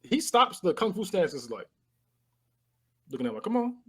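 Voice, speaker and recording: Husky man recapping a movie, animated. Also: high-pitched, normal speed. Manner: animated retelling, acting out scenes with sound effects and laughter. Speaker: podcast co-host. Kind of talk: casual movie recap chat.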